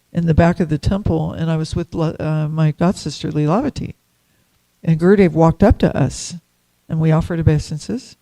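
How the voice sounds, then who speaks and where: A woman's voice: fairly low pitch, dark tone. A woman giving a devotional class at a temple, chatty and storytelling, laughing often.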